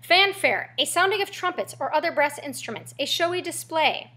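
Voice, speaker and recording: Playful, bright-voiced American teacher woman. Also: sits high, expressive, moderate pace. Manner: playful, jokey asides. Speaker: English teacher. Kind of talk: vocabulary lesson video.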